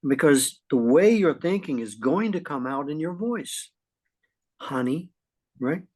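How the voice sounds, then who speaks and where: A middle-aged man co-hosting a casual talk show, folksy and lively, often clearing his throat. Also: fairly high pitch, normal speed. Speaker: podcast co-host. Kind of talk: casual conversational chat.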